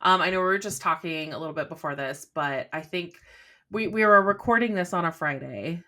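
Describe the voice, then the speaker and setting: A woman in her thirties co-hosting a podcast, telling a story about her morning in a chatty, animated way. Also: lowish voice, fairly quick. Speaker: podcast co-host. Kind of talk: casual chat.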